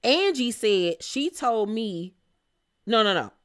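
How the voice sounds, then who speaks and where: A woman recapping a reality TV episode in casual commentary, sassy and animated, laughing and exclaiming as she goes. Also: fairly high pitch, slow pace, clean tone.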